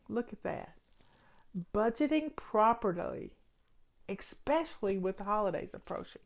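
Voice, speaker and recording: A woman's voice: mid-range voice, expressive, a little slow. An older woman with a Southern American accent, hosting a casual, folksy live chat in a chatty, rambling way. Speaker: host.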